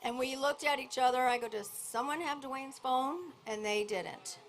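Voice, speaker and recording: A high-voiced middle-aged woman speaks at a memorial, rambling and full of feeling, sometimes calling out loudly. Clear background noise from a live event sits behind her voice. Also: normal speed, poor audio. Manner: emotional, rambling, sometimes shouting. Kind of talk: emotional memorial speech.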